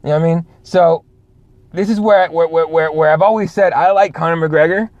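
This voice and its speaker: Guy ranting, blunt and sweary, kinda high voice, dry close sound. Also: a little fast, a little mellow, dry recording, dull audio. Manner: profane, blunt, rambling with many restarts. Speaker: podcast host. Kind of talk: casual rant.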